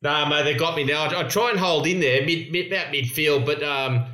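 An Australian man in his fifties interviewing a friend in a relaxed, chummy way, often saying mate. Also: a little high, brisk, reverberant, poor audio. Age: 50s. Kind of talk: casual chat.

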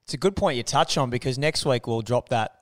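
A man's voice: medium pitch, brisk. An Australian man co-hosting a sports podcast, easygoing and casual in his chat. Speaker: co-host.

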